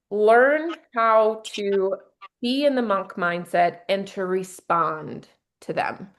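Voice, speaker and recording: Upbeat woman leading a breathing exercise. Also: on the high side. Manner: upbeat, guides the group through breathing exercises. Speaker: team leader running a workshop. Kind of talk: motivational workshop talk. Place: workshop room with a group.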